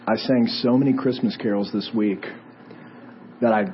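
A male pastor who has lost his voice, preaching a conversational sermon with a hoarse, raspy sound and lively storytelling that moves between hushed and raised moments. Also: fairly low pitch, normal speed, highs cut off, slight background noise. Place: church sanctuary.

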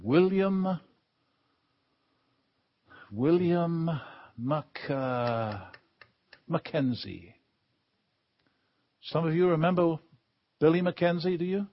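An Englishman preaching a sermon from the pulpit as a guest speaker, leaning hard and slowly on the key words. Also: a little high, animated, highs cut off. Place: church pulpit.

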